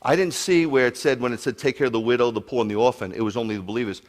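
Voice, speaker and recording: Animated man preaching a sermon. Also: mid-range voice, rapid-fire. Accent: New York. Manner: animated, storytelling, asks the crowd questions. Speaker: pastor. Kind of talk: sermon to a congregation.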